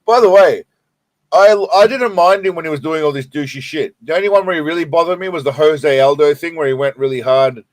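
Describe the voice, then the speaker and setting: A man's voice: fairly high pitch, brisk. A man casually commenting on clips during a live stream, rambling and swearing freely with many restarts.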